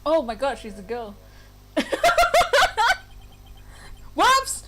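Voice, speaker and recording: A giggly woman streamer reacting to a game with a high, lively voice that swings widely. She talks at an unhurried pace, with faint game music underneath. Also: heavy background noise. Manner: giggly, laughs often. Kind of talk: casual live-stream commentary.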